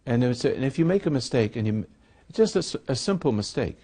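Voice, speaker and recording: Man, gravelly voice, husky, sermon dialogue, rambling, acts out quoted voices. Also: mid-range voice, sing-song, quick pace, mellow. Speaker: spiritual teacher.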